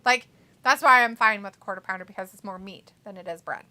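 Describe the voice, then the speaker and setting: A woman's voice: medium pitch, fast, bright, forceful tone, slight background noise. A woman co-hosting a casual wrestling watch-along live stream, chatting and reading viewer messages aloud in a jokey way.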